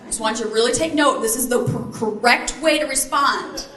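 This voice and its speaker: A woman giving a motivational keynote, telling a personal story to a live audience with animated, playful delivery and acted-out quotes. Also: fairly high pitch, a little fast, reverberant, far from the mic. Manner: animated, acts out quotes, jokes with the crowd. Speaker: motivational speaker.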